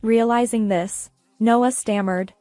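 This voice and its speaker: A woman narrating a first-person revenge story in a steady, even manner. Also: fairly high pitch, takes it slowly, no echo, faint music behind.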